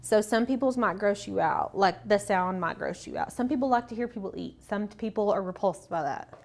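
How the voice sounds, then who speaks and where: A woman's voice: medium pitch, lively intonation, moderate pace, creaky, a little mellow. A woman co-hosting a crafting livestream, chatting casually and laughing a lot while she works. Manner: giggly, chatty, lots of "like".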